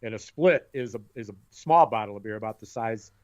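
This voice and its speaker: A middle-aged man co-hosting a podcast in casual chat, an animated storyteller who acts out voices. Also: lowish voice, a little fast. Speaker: podcast co-host. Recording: dull lo-fi sound.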